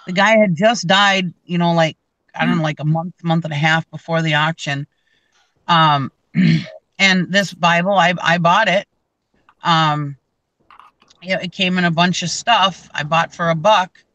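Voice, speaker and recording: A woman's voice: on the low side, measured pace, a bit bright, dry recording, dull audio. A woman hosting a casual chat, telling a long story with lots of fillers and restarts. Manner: rambling, many fillers and restarts. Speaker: reseller channel host.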